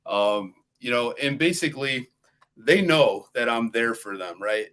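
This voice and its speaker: A man's voice: medium pitch, expressive, a little slow, a bit bright, clear, resonant tone. A middle-aged man, a golf coach and guest, explaining in an easygoing way and often adding "you know" and "right". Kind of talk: casual interview talk.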